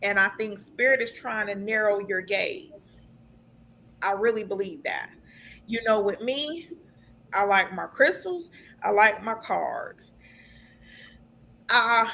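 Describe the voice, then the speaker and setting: A woman's voice: medium pitch, lively intonation, slow, gravelly, long pauses, pushed and bright, a little hiss or hum. A woman giving a casual live card reading to her sibling, chatty and earnest, with many ums and restarts. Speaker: tarot card reader.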